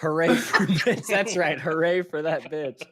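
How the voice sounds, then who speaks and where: A man co-hosting a casual live-streamed comedy chat with drawn-out, amused exclamations. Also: fairly high pitch, lively intonation, no echo. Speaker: co-host.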